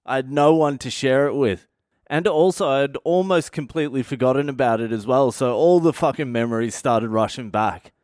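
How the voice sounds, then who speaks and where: A man's voice: medium pitch, moderate pace, a little mellow, clear, resonant tone, dry recording, studio quality. A man in his thirties with an Australian accent, telling a story in a blunt, casual style with lots of swearing. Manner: swears constantly, blunt and conversational. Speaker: comedian and podcast host.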